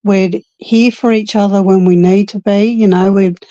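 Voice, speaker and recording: Reflective woman, warm mellow tone, dry muffled recording. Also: mid-range voice, steady tone, normal speed, no room sound. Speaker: chat regular. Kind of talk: casual chat. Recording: muffled lo-fi audio.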